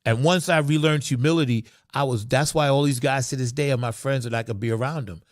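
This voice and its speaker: A man who plays funk music, telling stories about his career in an emphatic, animated way that rises into excited bursts. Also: mid-range voice, fairly quick, no room sound, clean studio sound. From Long Island, New York. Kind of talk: animated storytelling.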